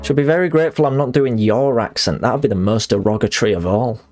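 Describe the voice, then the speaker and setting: A man's voice: mid-range voice, quick pace, darkish tone, soft background music. Rambling man streaming a game. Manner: rambling, self-mocking, many restarts. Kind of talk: live game-stream commentary.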